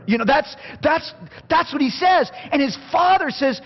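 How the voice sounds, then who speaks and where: A man preaching a sermon, passionate, going from quiet to near shouting and acting out scripture quotes. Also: very high-pitched, animated, moderate pace. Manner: plays out Bible quotes in acted voices. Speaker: pastor. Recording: dull sound with long hall reverb.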